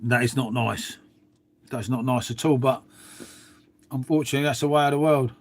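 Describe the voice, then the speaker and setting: A man's voice: medium pitch, steady tone, moderate pace. A middle-aged man chatting casually to viewers on a live stream, swearing freely and trailing off into asides. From England. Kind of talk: rambling casual chat to viewers.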